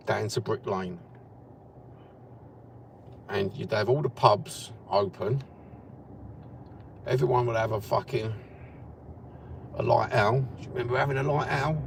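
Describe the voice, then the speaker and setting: A middle-aged Cockney man with a low, gravelly voice chats casually from inside a car. He rambles in a blunt, sweary way. Road and engine noise hum clearly behind him. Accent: Cockney East London. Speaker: vlogger. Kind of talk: casual chat while driving.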